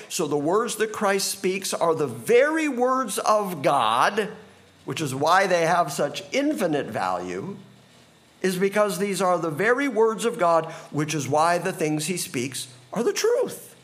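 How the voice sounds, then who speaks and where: A pastor preaching a sermon through a passage, his voice sitting a little high for a man. He is earnest and emphatic, building runs of parallel phrases and stretching out the words he wants to land. His delivery rises and slows on the key lines. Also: lively intonation, fairly bright tone. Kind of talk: expository sermon.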